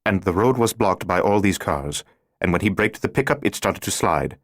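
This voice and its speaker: A man's voice: deep voice, lively intonation, normal speed, dry recording, studio quality. A man playing an urgent, secretive male stranger in an audiobook, giving terse instructions.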